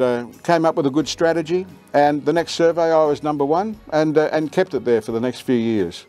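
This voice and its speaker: Lively older Australian man telling stories. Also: on the high side. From Queensland, Australia. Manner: lively storyteller who acts out quoted lines with a lifted voice. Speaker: veteran radio announcer and voiceover artist. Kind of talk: reminiscing career story.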